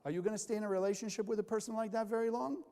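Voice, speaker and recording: High-pitched man teaching a class, lots of rhetorical questions, echoing lecture hall. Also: fairly even intonation, very fast, warm tone. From California. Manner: asks the audience questions and answers them himself. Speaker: Kabbalah teacher. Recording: long hall reverb.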